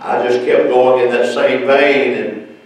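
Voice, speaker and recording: A man preaching at a Bible study, telling stories slowly and acting out what people said. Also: mid-range voice, level tone. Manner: slow storytelling with acted-out quotes. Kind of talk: church Bible study teaching. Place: church sanctuary. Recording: echoey church from far off.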